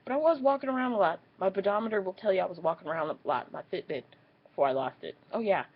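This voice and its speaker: A young woman telling a story in a casual vlog, swearing freely and acting out what people said in squeaky high voices. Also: fast, phone-quality sound. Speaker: vlogger.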